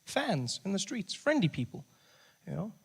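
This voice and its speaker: A man performing stand-up comedy, swinging between a hushed, soft voice and loud, lively bursts. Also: high-pitched, normal speed, gravelly, breathy edge. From South Africa. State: recovering from voice loss.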